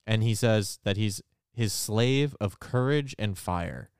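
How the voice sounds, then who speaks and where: A man's voice: on the low side, animated, slow, smooth, dry recording, clean studio sound. A man co-hosting a podcast, joking along and acting out cartoon characters while recapping. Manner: jokey, chimes in, acts out characters. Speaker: podcast co-host. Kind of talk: casual recap chat.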